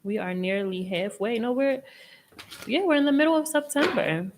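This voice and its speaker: A young woman hosting a casual live tarot reading, chatty and expressive, with a reassuring tone and casual swearing. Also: a little high, moderate pace, background noise. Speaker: tarot reader and live stream host.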